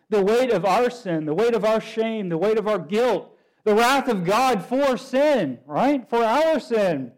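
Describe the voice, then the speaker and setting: A man's voice: high voice, darkish tone, low-quality recording. A man preaching a sermon as pastor, asking his listeners many rhetorical questions.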